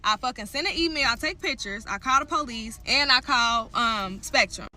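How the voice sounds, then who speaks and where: Bright-voiced, fired-up woman. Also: fairly high pitch, animated, moderate pace. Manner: heated, profane, talks straight to viewers. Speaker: vlogger telling a story. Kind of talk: angry storytime rant.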